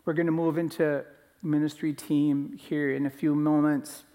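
Pastor guy, kinda high voice, echoey church hall, stacking up lines one after another. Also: level tone, normal speed, dark tone. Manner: earnest, building lists. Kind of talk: sermon transition. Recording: reverberant hall.

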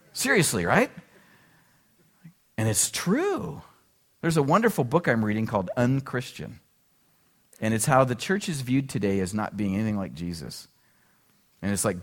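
A male pastor preaching a sermon to his congregation in a casual, conversational way, full of asides and rhetorical questions. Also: medium pitch. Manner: conversational, animated, frequent "like" and "right?".

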